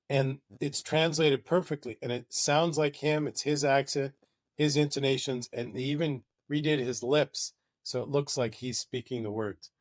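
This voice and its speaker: A man's voice: mid-range voice, no room sound, clean studio sound. Enthusiastic man presenting a webinar. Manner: enthusiastic and conversational. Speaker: marketing agency presenter.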